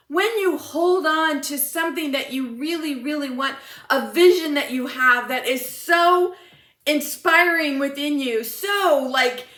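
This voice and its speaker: A woman with a high voice shares a personal story as a motivational speaker, animated and enthusiastic. The sound is in an echoey room. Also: distant mic.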